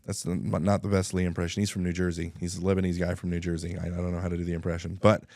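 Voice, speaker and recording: A man telling his life story in a casual interview, animated, acting out dialogue and often clearing his throat. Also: low voice, dry recording, clean studio sound. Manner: animated, acts out dialogue with quick voice shifts; frequent throat clearing and restarts.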